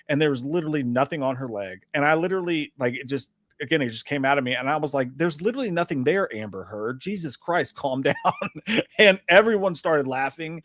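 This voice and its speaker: A man's voice: on the high side, a bit bright, no echo. A man co-hosting a live movie show, reading chat messages and telling loose, profane stories with a lot of laughing. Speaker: podcast co-host reading chat. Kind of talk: casual live-stream chat.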